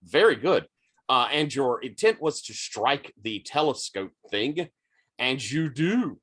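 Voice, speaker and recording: A man narrating as game master of a tabletop game, unhurried, with frequent ums and uhs. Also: medium pitch, big pitch swings, fairly bright tone, slightly rough.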